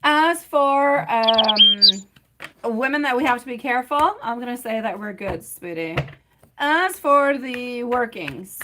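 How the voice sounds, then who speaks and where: A woman's voice: fairly high pitch, expressive, slow, background noise. A woman doing a live-stream tarot reading, affectionate and chatty, calling her viewers pet names like sweetie and my love. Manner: chatty, sings snatches while shuffling.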